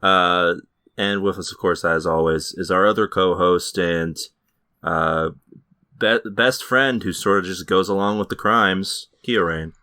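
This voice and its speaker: A man's voice: sits low, measured pace, pushed and bright, dry recording, clean studio sound. A man hosting a casual comedy podcast about television, joking and laughing often with his co-hosts. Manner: jokey, laughs often, trailer-voice intro. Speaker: podcast host.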